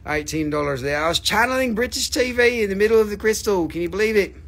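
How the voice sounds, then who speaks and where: A man with a slightly high voice hosts a live crystal sale. He talks casually and jokingly, teases his viewers and swears freely along the way. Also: expressive, quick pace, a bit bright. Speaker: host selling crystals on a livestream. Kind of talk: casual live sales chat.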